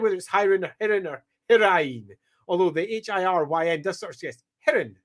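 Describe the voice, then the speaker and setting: A man's voice: sits high, fast talker. A Scottish man hosting a casual livestream, thinking aloud with frequent ums and greeting viewers by name. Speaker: livestream host. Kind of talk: casual livestream chat while mapping.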